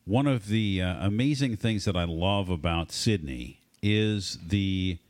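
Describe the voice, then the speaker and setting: A man's voice: low-pitched, animated, unhurried. A man hosting a casual radio talk show, leading the chat and introducing segments.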